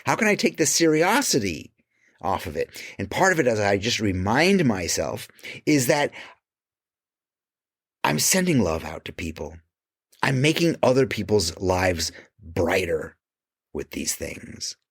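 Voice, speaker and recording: A man speaking as a creative coach in an emphatic motivational monologue, swearing casually and dropping to quiet low asides. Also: big pitch swings, a little slow, breathy edge, no room sound, clean studio sound.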